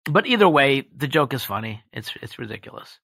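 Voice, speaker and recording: A man chatting as a podcast guest, animated and jokey, slipping into quick impressions. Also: mid-range voice, vocal fry, dry recording. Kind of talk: casual podcast chat.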